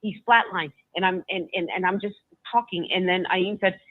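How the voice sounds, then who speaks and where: Halting woman on a tinny phone line. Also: on the low side, level tone, dry recording. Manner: halting, with frequent restarts and repeated words. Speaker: guest recounting a personal story. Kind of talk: emotional first-person storytelling.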